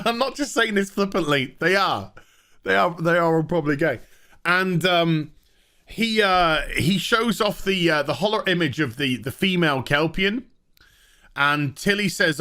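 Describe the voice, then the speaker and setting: Bright, high-voiced sarcastic man ranting. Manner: sarcastic, swearing, laughs at his own jokes. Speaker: TV show reviewer. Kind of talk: ranting casual commentary.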